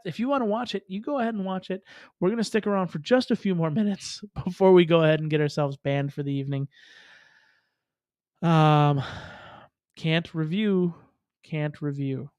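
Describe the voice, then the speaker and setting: A man's voice: fairly high pitch, clear, resonant tone, dry recording. A man hosting a casual livestream, rambling with profane jokes and laughing asides. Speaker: livestream host.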